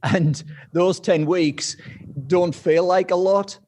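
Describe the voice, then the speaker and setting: A man with a British accent, the guest and founder of a company, answering in a measured way with frequent pauses. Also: high voice, fairly even intonation, darkish tone. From Britain. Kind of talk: casual interview talk.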